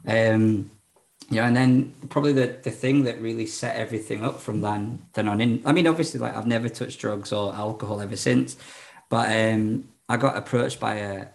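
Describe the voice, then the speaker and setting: A man's voice: lowish voice, fairly even intonation, normal speed, gravelly, low-quality recording. A man, a podcast guest telling his story candidly, rambling with lots of fillers and restarts.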